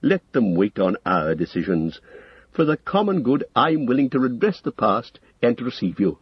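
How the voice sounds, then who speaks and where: A man voicing a proud, persuasive old male wizard in an audiobook, with smooth coaxing speech that climbs to lofty emphasis. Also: medium pitch, very animated, moderate pace, dry recording. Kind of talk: audiobook character reading. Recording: dull lo-fi audio, dry.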